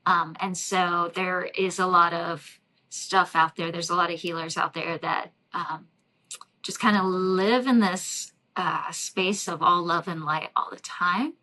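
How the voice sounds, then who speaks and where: A woman energy healer talking in a relaxed podcast interview, reflective and loose, with many fillers and light laughs. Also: lowish voice, a little slow, low-quality recording. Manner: warm, reflective, frequent fillers and soft laughs. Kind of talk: casual interview talk.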